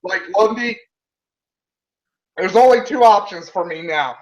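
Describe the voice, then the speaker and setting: A man's voice: high-pitched, measured pace, dull audio. A man in casual chat, ranting angrily and swearing, with candy in his mouth. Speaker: guest.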